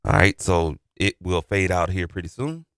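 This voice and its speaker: A man's voice: low-pitched, expressive, moderate pace, vocal fry, fairly bright tone, dry recording. A man giving a casual, laid-back live-stream demo of an audio interface, rambling and slangy, speaking into a studio microphone. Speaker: music producer demonstrating an audio interface.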